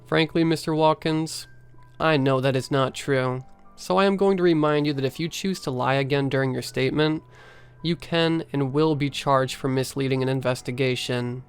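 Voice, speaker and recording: A man's voice: mid-range voice, moderate pace, clean tone, faint music behind, close to an everyday voice. A man voicing a stern middle-aged police detective in a horror story reading, firm and formal.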